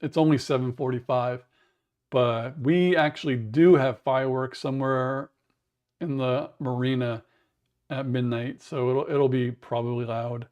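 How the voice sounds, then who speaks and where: A man with a raspy voice, chatting in a rambling way to viewers on a livestream from home, humming to fill the wait. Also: mid-range voice, steady tone, a little slow, a little mellow. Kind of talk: casual livestream chat. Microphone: wearable mic.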